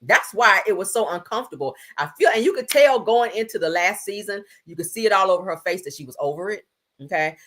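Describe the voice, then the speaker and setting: A woman host chatting through celebrity gossip on a livestream, sassy and emphatic as she reads quotes aloud and reacts to them. Her voice sits low but swings widely, with a bright, forceful edge. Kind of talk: casual celebrity gossip commentary.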